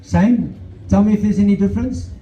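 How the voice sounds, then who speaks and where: A man's voice: high voice, brisk, roomy sound, lo-fi sound, slight background noise. A man with a South African accent giving an earnest motivational talk through a handheld microphone, slipping in Afrikaans phrases. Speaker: motivational speaker. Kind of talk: motivational talk at an outdoor event.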